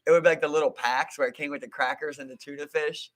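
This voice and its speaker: A man's voice: a little high, steady tone, fast talker. A man co-hosting a podcast, chatting casually in a slangy, laid-back storytelling way and laughing often. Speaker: podcast co-host. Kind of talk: casual chat.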